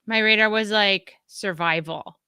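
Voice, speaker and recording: A woman co-hosting a casual talk show, chatty and quick to laugh, with many fillers. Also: mid-range voice, sharp tone, smooth, dry recording, clean studio sound. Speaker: podcast co-host. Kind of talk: casual chat.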